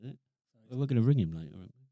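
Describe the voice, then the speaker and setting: Middle-aged veteran host, blunt and plain-spoken, dry sound. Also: male voice, medium pitch, expressive, rapid-fire, mellow, no echo. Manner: blunt, sweary reactions. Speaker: podcast co-host, army veteran. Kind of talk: casual chat.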